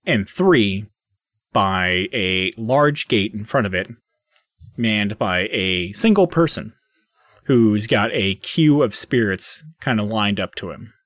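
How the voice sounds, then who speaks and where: Male dungeon master, low, casual and halting. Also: animated, fairly bright tone, no room sound, clean studio sound. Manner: casual, halting with many fillers. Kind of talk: narrating a tabletop game.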